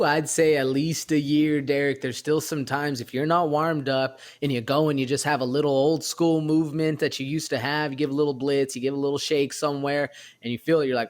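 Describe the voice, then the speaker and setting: Chatting loosely about an upcoming fight, this sports podcast co-host speaks a little fast in a flat, fairly high-pitched voice. He's casual and occasionally fumbles his words.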